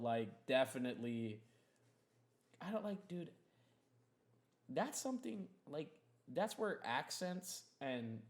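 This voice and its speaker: A young man hosting a casual podcast, ranting in a heated, profane, rambling way. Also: medium pitch. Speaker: podcast host.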